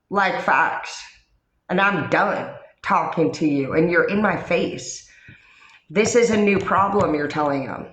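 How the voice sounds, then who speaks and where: High-voiced man, blunt and profane. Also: lively intonation, measured pace, a bit bright, slight background noise. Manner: blunt, profane, confrontational, acts out lines of dialogue. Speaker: online reader addressing subscribers. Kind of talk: intuitive reading monologue to camera. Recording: roomy echo.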